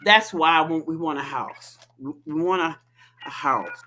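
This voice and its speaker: A woman co-hosting a casual podcast, telling a story in a lively, profane, laughing way. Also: sits low, normal speed, slight background noise. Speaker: podcast co-host.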